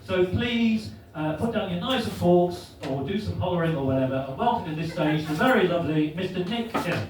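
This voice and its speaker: Compere, dry and teasing; roomy pub sound with background noise. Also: male voice, on the high side, lively intonation, fairly quick. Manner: dry, teasing crowd work. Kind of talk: compering a comedy night. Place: small pub function room. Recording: echoey far-off pub recording with background noise.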